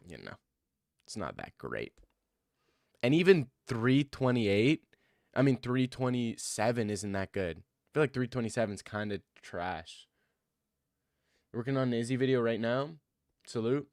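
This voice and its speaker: A man giving casual MMA commentary, thinking out loud and rambling, then breaking into excited rants. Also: medium pitch, dry recording, clean studio sound. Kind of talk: casual fight-card commentary.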